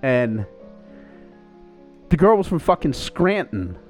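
A man telling a story in casual chat on a podcast, acting out quotes in a higher voice. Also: takes it slowly, soft background music. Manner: animated, acts out quotes in a higher voice. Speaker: podcast co-host.

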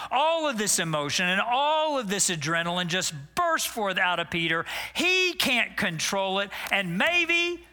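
A man preaching an animated, dramatic sermon as pastor. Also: high-pitched, measured pace, hardly any pauses, clear, resonant tone.

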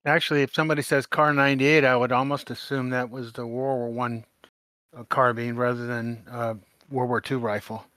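A man speaking as a guest author in a casual interview, talking in a hesitant, halting way with many restarts. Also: medium pitch, level tone, pushed and bright, dry recording.

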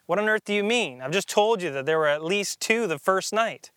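A man's voice: high-pitched, lively intonation, brisk, fairly bright tone, clear, resonant tone, no echo, clean studio sound. A man reading as an anxious, exhausted boy. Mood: bewildered. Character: exhausted, frightened boy wanderer.

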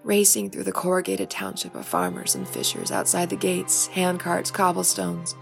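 A woman narrating her own fantasy story in a measured, expressive storybook reading. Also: on the low side, creaky, over music. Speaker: author and narrator.

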